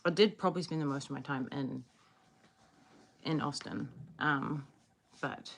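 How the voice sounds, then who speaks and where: A woman's voice: sits low, measured pace, vocal fry, slight background noise. A tired woman with a New Zealand accent, rambling sleepily as she chats casually with livestream viewers. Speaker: livestream host. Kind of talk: casual live-stream chat.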